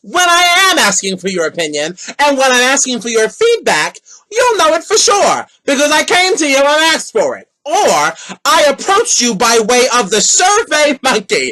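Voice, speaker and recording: A man's voice: very high voice, huge pitch swings, normal speed, pushed and bright. A man hosting his own podcast, delivering an opinionated, sassy monologue with whooping exclamations. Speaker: podcast host.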